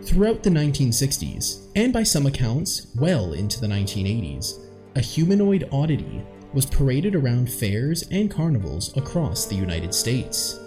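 A man's voice: medium pitch, sing-song, normal speed, a little mellow, soft background music. A young man hosting a casual mystery podcast, joking and laughing often, recorded in an echoey room. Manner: jokey, lots of fillers and laughter. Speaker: podcast host. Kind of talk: casual podcast chat, reading facts.

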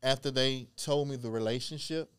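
Smooth-voiced man telling family stories. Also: medium pitch, moderate pace. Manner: earnest, animated storyteller. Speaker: guest historian and genealogist. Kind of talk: casual interview storytelling.

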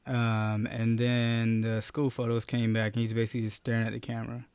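A man co-hosting a casual chat, relaxed and joking, talking about being a father in halting phrases. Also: mid-range voice, clear, resonant tone, no room sound. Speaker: podcast co-host and father.

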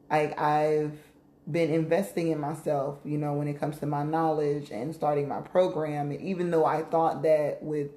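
A woman's voice: low voice, dark tone, reverberant. A woman co-hosting a casual spiritual talk show, speaking candidly with frequent swearing and laughter. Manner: candid, profane, laughs often. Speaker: podcast co-host. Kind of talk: casual chat.

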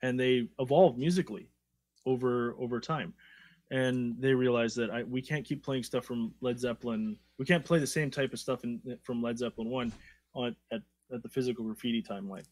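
A man's voice: medium pitch, steady tone, brisk, a little mellow. A man co-hosting a casual podcast, talking in a conversational way and often checking in with "right?". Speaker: podcast co-host.

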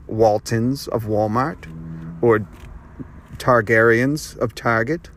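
A man's voice: medium pitch, slow pace. A man hosting his own podcast, delivering a rambling, sarcastic and profane solo rant. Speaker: podcast host. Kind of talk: ranting monologue.

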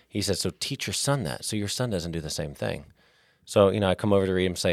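A man with a deep, low voice tells personal stories in an earnest, lively way. He sounds like a podcast guest in his thirties. The sound is dry and close to the mic. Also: brisk, no echo. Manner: earnest, animated storyteller. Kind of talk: casual storytelling.

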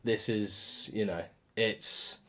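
Male podcast co-host, casual and giggly, bright sound, slightly low pitch. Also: steady tone, slow. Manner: giggly, laughs often while talking.

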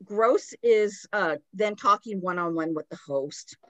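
Animated woman retelling a story. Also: medium pitch, a little slow, dry recording. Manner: animated retelling with acted quotes, laughs, swearing. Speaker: podcast host. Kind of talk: casual storytelling chat.

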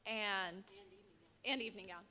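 A woman's voice: mid-range voice, unhurried, bright, forceful tone. A young woman in her twenties giving an emotional personal testimony as a guest, telling her story with lots of animation. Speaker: guest, pageant winner.

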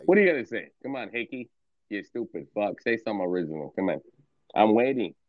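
In a voice chat over narrow, tinny audio with slight background noise, a male host with a fairly low voice talks quickly and animatedly. He aggressively taunts his opponent in an insult exchange, swearing constantly and repeating himself.

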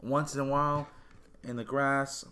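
A man's voice: medium pitch, level tone, unhurried, pushed and bright. A man hosting a casual chat, blunt and slangy, repeating points for emphasis.

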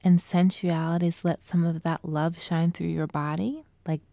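Soft-spoken woman with a dark, dry voice. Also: fairly low pitch, level tone, moderate pace, gravelly, dry recording. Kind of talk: casual talk to women.

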